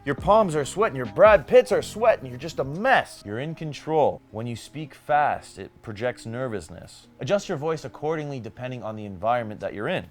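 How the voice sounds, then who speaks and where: A man's voice: medium pitch, expressive, brisk, hardly any pauses. Young man, dating advice vlog, emphatic coaching tone, faint music underneath. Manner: coaching, emphatic, addresses viewers directly as guys. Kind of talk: direct-to-camera advice vlog.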